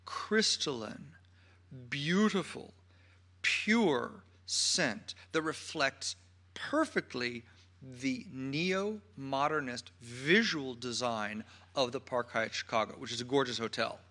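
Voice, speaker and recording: A man's voice: mid-range voice, expressive, slow pace, sharp tone. A man giving a public talk as a perfume critic, an effusive storyteller who piles on gushing adjectives.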